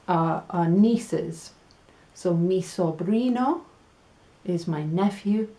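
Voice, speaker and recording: Low, unhurried woman teaching Spanish. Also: warm tone. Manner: chatty, laughs at her own jokes, slows down for Spanish words. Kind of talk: casual language lesson.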